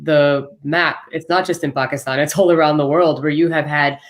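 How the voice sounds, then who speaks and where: A woman's voice: low voice, steady tone, normal speed. A woman speaking as a panel guest, earnest and articulate, building long arguments. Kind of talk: live panel discussion.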